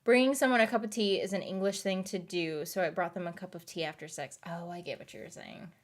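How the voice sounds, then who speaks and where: A woman's voice: fairly low pitch, steady tone, fairly quick. A woman in her thirties chatting casually with her stream viewers late at night, giggly and rambling, laughing often and trailing off, tired. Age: 30s.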